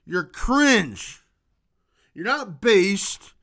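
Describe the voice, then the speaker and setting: A man with a high, bright voice hosts his own comedy vlog in a loose, rambling monologue. He takes his time over every phrase, jumping from loud outbursts to quiet asides, and his tone stays sharp and ringing throughout. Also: very animated, drawn-out words. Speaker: vlogger.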